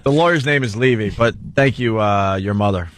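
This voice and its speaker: A man's voice: lowish voice, normal speed, dry recording. A man hosting a radio show in casual chat, joking and laughing often. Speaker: radio host. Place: radio studio.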